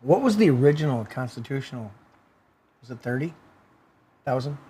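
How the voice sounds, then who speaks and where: A man's voice: medium pitch, animated, normal speed, warm tone, slightly rough. A man hosting a casual podcast chat, talking loosely, laughing easily and filling gaps with "uh". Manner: loose and chatty, laughs easily, lots of "uh" while clicking around. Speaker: podcast host.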